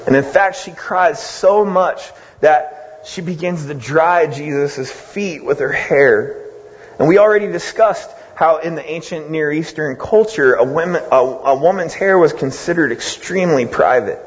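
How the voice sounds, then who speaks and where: Man, casual sermon, chatty and animated, long hall echo, muffled sound. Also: on the high side. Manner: conversational, animated retelling with voiced asides. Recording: dull, echoey hall sound.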